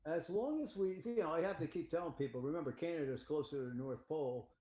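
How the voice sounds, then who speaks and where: Excitable older man, mellow echoey voice. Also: on the high side, fast talker. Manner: rambling, excitable, laughs at own jokes. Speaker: meteorologist guest. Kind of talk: casual forecast discussion.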